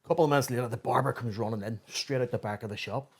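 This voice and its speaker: A man with a Belfast accent, a barber and podcast guest, telling animated anecdotes and swearing freely. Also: medium pitch, very fast. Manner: animated anecdotes, swears freely, quotes people in raised voices. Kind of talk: casual storytelling chat.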